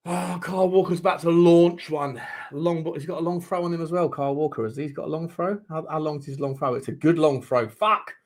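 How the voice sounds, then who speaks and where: A man hosts a live football watchalong, talking over the match in a somewhat high voice. He is excitable and swears freely, and breaks into shouts at the referee when a call goes against his team. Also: fast talker. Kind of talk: live match commentary and reaction.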